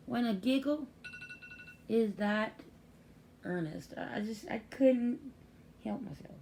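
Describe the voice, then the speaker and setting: A woman's voice: on the high side, takes it slowly, gravelly, long pauses, mellow, a little hiss or hum. An older woman, a grandmother, telling family stories in a chatty, casual way. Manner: chatty, acts out quoted voices. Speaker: grandmother and caregiver. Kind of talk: casual storytelling vlog.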